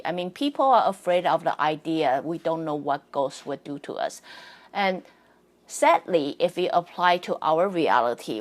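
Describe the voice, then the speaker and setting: Low-pitched and somewhat dark in tone, this woman's voice carries her casual solo podcast, where she works as a psychic and spirit coach. English isn't her first language; she chats easily, laughs often and keeps saying "right?"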